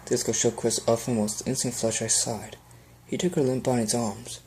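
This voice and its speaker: A man's voice: medium pitch, little pitch movement, moderate pace, darkish tone, slight background noise. A man earnestly reading fan fiction aloud as an amateur audiobook, with small slips.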